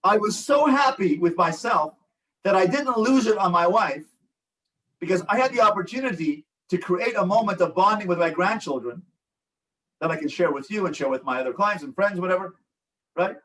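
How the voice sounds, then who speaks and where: Speaking at a moderate pace, a high-voiced older man, a rabbi who works as a relationship coach, leads a support group by video call. His teaching is animated, full of anecdotes where he acts out each person's voice. The audio is poor, and he sits far from the mic.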